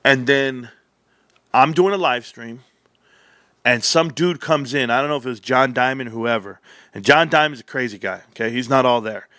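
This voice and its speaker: A man hosts a livestream and rambles through a story in an animated way, swearing and breaking off into asides. His voice is bright and forceful. It sounds dry and close, with no room around it. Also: mid-range voice, moderate pace, no echo. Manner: animated, profane, with many restarts and asides. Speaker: livestream host.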